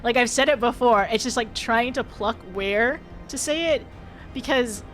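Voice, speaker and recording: A woman's voice: a little high, normal speed, faint music behind. A woman livestreaming a game, chatting casually with viewers, giggling often and tripping over her words. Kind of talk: casual live-stream chat while gaming.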